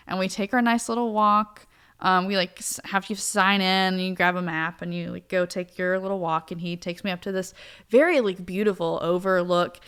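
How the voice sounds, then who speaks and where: A woman co-hosting a podcast, telling a personal story in a casual, animated way and laughing often. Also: lowish voice, moderate pace, clean tone. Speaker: podcast co-host.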